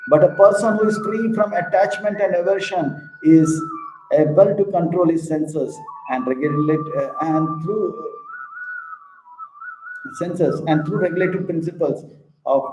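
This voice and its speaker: A man's voice: a little high, a little slow, music in the background. Male spiritual teacher, echoey room. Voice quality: animated storyteller who acts out characters. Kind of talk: scripture discourse with stories. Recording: echoey room with faint ambience.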